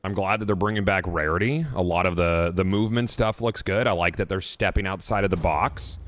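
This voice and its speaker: Low-voiced man chatting casually while gaming. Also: fairly even intonation, a little fast, no echo, studio quality. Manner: casual, profane, rambling with restarts. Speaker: gaming streamer.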